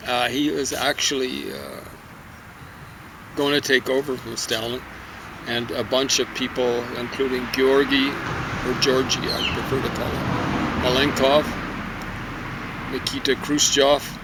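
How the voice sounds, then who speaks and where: A man's voice: medium pitch, flat delivery, measured pace, gravelly, long pauses, noisy background. A man giving a casual spoken book review, rambling and stumbling over foreign names. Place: outdoor garden.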